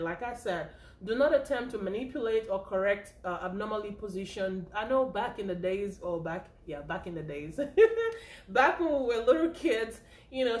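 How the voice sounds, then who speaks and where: A woman teaching first aid in a chatty, informal way, often checking in with "okay?" and "right?". She sounds a little out of breath, and her voice rings in an echoey room at a mid pitch. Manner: chatty, repeats points with frequent "okay?" and "right?". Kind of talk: informal spoken lesson.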